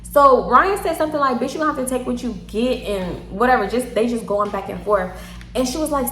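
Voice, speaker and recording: A woman with a Houston accent telling a story casually to her viewers, animated, slangy and quick to laugh. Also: fairly high pitch. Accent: Southern US, Houston. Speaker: storytime vlogger. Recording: echoey room.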